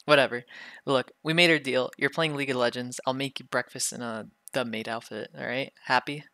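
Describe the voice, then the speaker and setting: A man's voice: mid-range voice, fairly even intonation, a little fast, bright, forceful tone, dry recording, clean studio sound. A young man performing an ASMR role-play with a bratty, teasing manner and lots of swearing, his throat sore from being sick.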